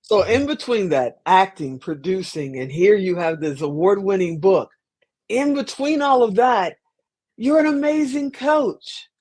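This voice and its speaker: A woman hosting a podcast interview, praising her guest warmly and asking follow-up questions. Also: mid-range voice, lively intonation, unhurried. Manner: enthusiastic, affirming interjections. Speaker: podcast host. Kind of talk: conversational interview.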